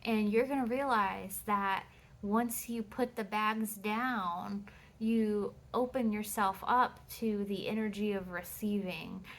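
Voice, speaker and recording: A woman reads tarot at home in a loose, casual monologue. She is blunt and emphatic and swears freely, and now and then she reads card texts aloud. Her voice sits at a middling pitch. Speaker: tarot reader.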